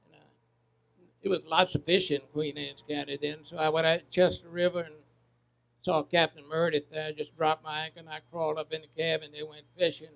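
A waterman tells his story in a gravelly, creaky voice that sits a bit high. He rambles and stops often, with plenty of fillers along the way. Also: little pitch movement, a bit bright, low-quality recording. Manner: halting, rambling, many fillers. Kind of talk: storytelling to an audience.

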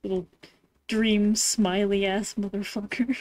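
A woman's voice: mid-range voice, mellow. A woman streamer giving casual commentary on a game, joking, swearing and laughing often. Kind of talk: casual let's-play commentary. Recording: game music behind voice.

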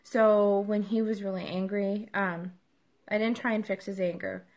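A woman's voice: mid-range voice, fairly even intonation, normal speed, a little mellow. Woman host, 30s, casual parenting advice, conversational with lots of ums. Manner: conversational, many filler ums.

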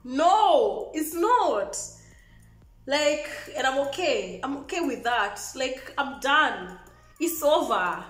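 A woman telling a storytime vlog, animated and laughing as she talks. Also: sits high, slow pace. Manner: animated, laughing, switching between English and Swahili. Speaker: vlogger. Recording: echoey room.

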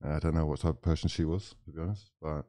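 A man's voice: a bass voice, steady tone, fast, warm tone, a little hiss or hum. A young man hosting a football watchalong, reading out viewer messages and chatting casually, laughing often. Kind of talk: casual chat reading live chat.

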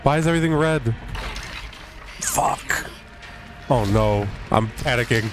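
A man streaming a horror game, yelping, swearing and apologizing to his teammates, then musing calmly on the game. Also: medium pitch, takes it slowly, pauses often, faint music behind. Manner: calm, musing commentary. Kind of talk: live game commentary. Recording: faint background noise.

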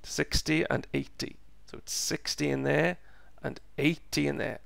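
A man teaching a step-by-step physics lesson, slow and patient, repeating each step, his voice croaky and going hoarse. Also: fairly high pitch, fairly even intonation, fairly bright tone, no echo. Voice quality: gravelly, croaky.

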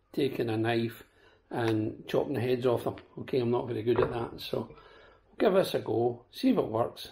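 Scottish male vlogger with a sore throat, gravelly and mellow, chatty with viewers. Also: mid-range voice. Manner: chatty, addresses viewers as folks. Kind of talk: casual product demo.

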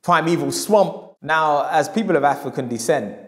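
A man's voice: fairly high pitch, expressive, moderate pace, a bit bright. A middle-aged male historian giving a public lecture, with emphatic repetition and acted quotes when he tells a story. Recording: echoey hall.

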